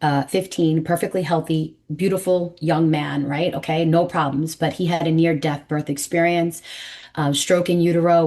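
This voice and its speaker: A woman in her forties with a New York accent, a numerologist guest telling her story in a podcast interview, emphatic and animated, acting out the voices she quotes. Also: low-pitched. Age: 40s.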